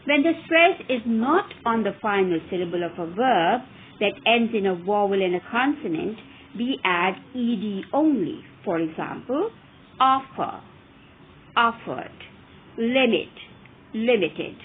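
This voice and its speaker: A woman teaching English verb forms in a careful, deliberate way, stressing each example word. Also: medium pitch, lively intonation. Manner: clear, careful enunciation with rising emphasis on examples. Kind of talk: slow, deliberate grammar lesson. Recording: phone-like narrow audio with faint hiss.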